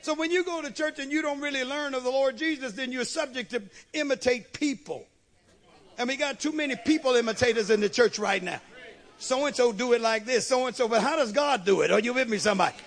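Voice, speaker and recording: A man's voice: very high voice, fairly quick, fairly bright tone. A man, a bishop, preaching a sermon with emphatic delivery and frequent amens.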